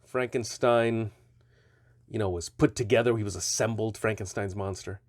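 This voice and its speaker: A man's voice: on the low side, steady tone, normal speed, no echo, studio quality. A man casually reviewing stretchy toy figures, chatty and rambling, often correcting himself mid-sentence.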